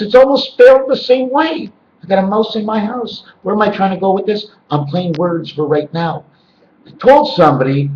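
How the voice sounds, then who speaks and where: A man's voice: high-pitched, slight background noise. A man rambling to his handheld camera indoors at home, jumping between loose word and number associations. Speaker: vlogger. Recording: echoey, dull lo-fi camera audio.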